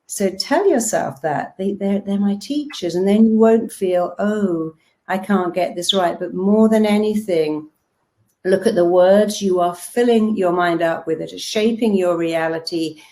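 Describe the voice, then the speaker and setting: A woman's voice: medium pitch, unhurried, dark tone. A woman self-help speaker giving a motivational talk, telling stories and acting out the voices of people she quotes, with emphatic repeated words.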